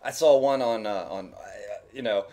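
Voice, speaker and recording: A man's voice: fairly low pitch, moderate pace, mellow. A man talking casually over his gameplay footage as a YouTube gamer, rambling and joking with his viewers. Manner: rambling, chatty, jokey. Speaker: gaming YouTuber.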